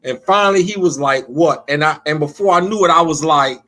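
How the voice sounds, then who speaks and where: A man, pastor and host of a call-in show, telling a story in a conversational sermon style and slowing down to stress his points. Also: fairly high pitch, sharp tone.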